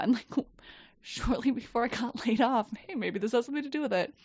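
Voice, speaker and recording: A woman telling a story in casual chat, animated and swearing, acting out quoted people. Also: a little high, moderate pace, no room sound. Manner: animated, profane, quotes people in lively voices. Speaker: podcast guest. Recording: dull, dry podcast mic.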